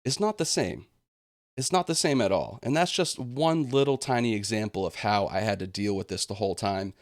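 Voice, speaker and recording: Indignant man ranting, low voice, dry. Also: fairly quick, no room sound. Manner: aggrieved, indignant, sarcastic mocking quotes. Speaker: gaming channel host. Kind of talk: ranting vlog monologue.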